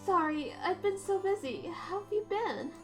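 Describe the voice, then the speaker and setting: A woman voicing a calm young lawyer who speaks gently and in a measured way to her little sister. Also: very high-pitched, voice pushed up. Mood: gentle. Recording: game music behind.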